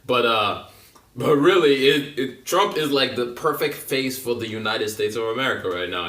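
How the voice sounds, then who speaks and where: A man's voice: fairly low pitch, pushed and bright. A man rambling through a casual vlog monologue, loose and joking, with lots of fillers and slang. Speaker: vlogger. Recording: roomy echo, mic at a distance.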